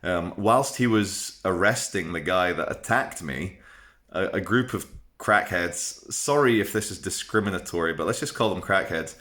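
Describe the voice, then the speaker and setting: A man in his late thirties talks straight to his viewers in a loose, candid vlog manner. His voice sits on the low side. He wanders through the tale with plenty of ums, restarts and asides. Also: normal speed, a bit bright. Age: 30s. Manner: chatty, rambling, frank, with many fillers and restarts. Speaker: vlogger. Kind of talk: casual storytelling to camera.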